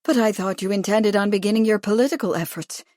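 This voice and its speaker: A woman's voice: mid-range voice, normal speed, a little mellow, no echo, studio quality, lightly acted. A woman voicing a tired, stiff middle-aged society mother. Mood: startled.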